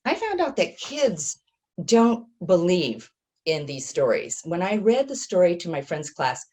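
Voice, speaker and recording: Animated low-voiced woman telling her story. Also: unhurried. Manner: chatty, animated, self-deprecating. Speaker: author giving a talk. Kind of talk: casual storytelling talk.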